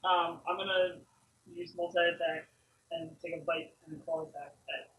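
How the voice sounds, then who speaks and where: High, bright-voiced man playing a tabletop game. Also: little pitch movement, moderate pace, slight background noise. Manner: hesitant, full of "um" and "uh". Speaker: player. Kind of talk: casual tabletop play. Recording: echoey room, mic at a distance.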